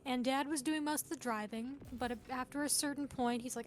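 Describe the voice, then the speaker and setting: A woman with a high voice tells a family anecdote in a casual way, acting out each quote as she goes. She sounds chatty and lively. A faint hiss sits behind her voice. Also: a little fast. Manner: animated storyteller who acts out quotes. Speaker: guest chatting on a gaming stream. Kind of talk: casual storytelling.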